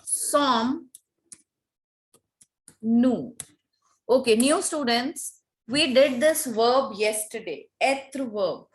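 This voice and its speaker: A woman leads an online French lesson, slightly high in pitch. She speaks slowly and patiently, repeating words to drill pronunciation. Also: lively intonation. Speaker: French teacher. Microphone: video call.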